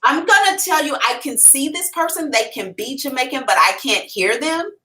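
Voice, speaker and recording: Woman psychic on a live stream, bright sharp voice, cusses a lot, very animated. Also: high voice, moderate pace. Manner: blunt and profane, animated storytelling. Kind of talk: casual live reading.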